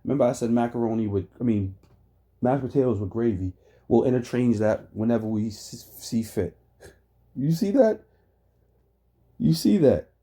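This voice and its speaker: A man's voice: medium pitch, lively intonation, normal speed, pauses often, mellow. A man giving heated, profane reaction commentary on a debate clip, ranting and laughing often.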